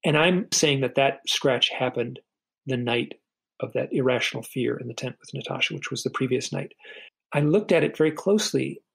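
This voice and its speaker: A middle-aged man, a podcast guest, telling a personal story in an earnest, halting way, often repeating a word as he starts a sentence. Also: mid-range voice, creaky, slightly rough, poor audio.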